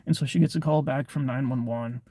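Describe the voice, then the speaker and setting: A man's voice: medium pitch, fairly even intonation, a little fast, mellow, no room sound, studio quality. A young man casually telling a personal story on his vlog, rambling, with lots of filler words and swearing. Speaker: vlogger.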